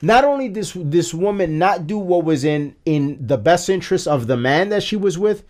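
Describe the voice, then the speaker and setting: A man's voice: high voice, animated, moderate pace, a little mellow. A man co-hosting a podcast, making an earnest, emphatic point in casual chat and often repeating himself. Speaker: podcast co-host.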